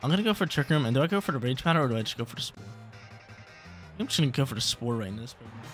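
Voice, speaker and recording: Excitable young man commentating his gameplay. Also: medium pitch, very fast. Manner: excitable, thinks aloud, repeats phrases. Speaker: gaming YouTuber. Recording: faint background music.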